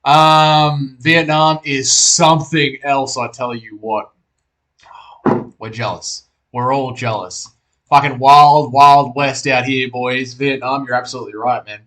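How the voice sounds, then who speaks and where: A man's voice: medium pitch, fairly even intonation, slow, fairly bright tone. A young Australian man hosting a casual livestream, reading out chat messages, laid-back and swearing freely.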